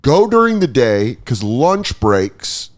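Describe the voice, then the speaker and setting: A male podcast host telling stories in a casual studio chat. His pitch swings widely as he jumps into quoted voices and lively bits. He talks at an easy middle pitch. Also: takes it slowly. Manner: animated storyteller, acts out quoted voices.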